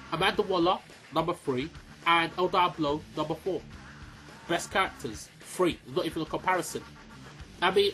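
A man giving a casual, excitable film review, swearing freely and filling his talk with "like" and "um". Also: fairly high pitch. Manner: excitable, swears a lot, many fillers.

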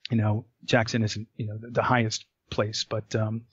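Animated man telling a climbing story. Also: lowish voice, normal speed, breathy edge, no echo, muffled recording. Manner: animated storyteller, acts out his own dialogue with many restarts. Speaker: podcast guest. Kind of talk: storytelling in a podcast interview.

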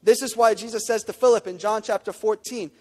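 A man's voice: high-pitched, steady tone, a little fast, long reverb tail. A man preaching a sermon, emphatic, with repeated phrases and rhetorical questions. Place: church sanctuary.

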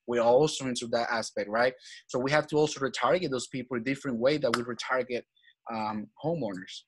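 A man's voice: mid-range voice, a little fast, noisy background. A man from Venezuela, a guest in a casual interview who talks with energy and keeps repeating his main points, often adding "right?" and "man". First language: Spanish. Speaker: guest, real estate acquisitions manager.

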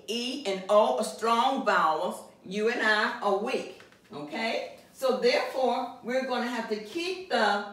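A woman with a slightly high voice leads a language lesson, stretching out each word with slow, deliberate care. She is recorded from a distance in a strongly echoing room. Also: a bit bright. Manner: slow, drawn-out enunciation of vocabulary words. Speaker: Spanish teacher. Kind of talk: classroom-style language lesson. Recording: very echoey room, mic at a distance.

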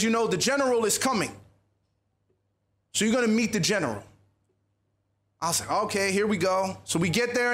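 High-voiced man telling a lively sermon story. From USA. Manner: lively, animated storytelling with acted quotes. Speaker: youth conference speaker.

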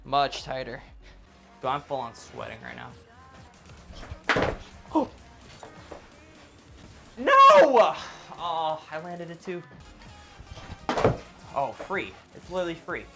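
A young man casually commentating his own gameplay, excitable and swearing a lot, yelling whenever he misses. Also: on the high side, a little slow, vocal fry, long pauses, over loud music.

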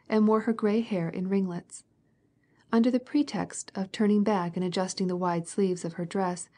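Woman, audiobook narrator, measured reading, classic novel, steady delivery. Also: medium pitch.

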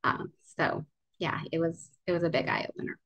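A woman's voice: low-pitched, level tone, fairly quick, fairly bright tone. A young woman telling her own story as a guest in an interview, earnest and full of fillers and restarts. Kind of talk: casual interview, personal story. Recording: dull lo-fi sound.

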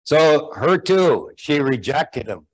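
A man's voice: fairly high pitch, animated, slow, slightly rough. A man telling a traditional winter story in a folksy way, with chuckling asides. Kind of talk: oral storytelling.

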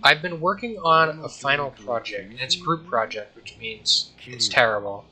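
A man's voice: mid-range voice, animated, normal speed, sharp tone, poor audio. A young man casually commenting while playing a game, rambling and joking, often mumbling and trailing off. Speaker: gameplay streamer.

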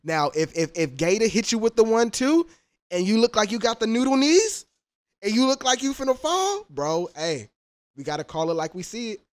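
A man's voice: high-pitched, moderate pace. Male reaction streamer, brash slang and cursing, voice swings widely up and down. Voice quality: animated, profane, trash-talking slang. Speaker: music reaction YouTuber. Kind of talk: casual reaction commentary.

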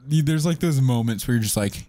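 A man's voice: medium pitch, fairly quick, dark tone. A young man hosting a casual gameplay video, joking around and putting on silly voices for the characters. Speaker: gaming video host. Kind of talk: casual let's-play commentary.

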